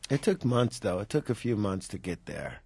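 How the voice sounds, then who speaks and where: A man's voice: lowish voice, big pitch swings, moderate pace, vocal fry, darkish tone, breathy edge, no room sound. A man, an actor being interviewed, talking chattily and imitating the people he describes. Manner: chatty, laughs easily, imitates others. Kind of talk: interview conversation.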